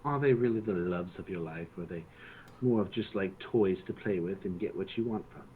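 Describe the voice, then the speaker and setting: A man's voice: low voice, brisk, slight background noise. A man questioning a captive in character during a tabletop game, in a dry, sarcastic way. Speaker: player. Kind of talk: in-character interrogation. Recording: tinny phone-like line.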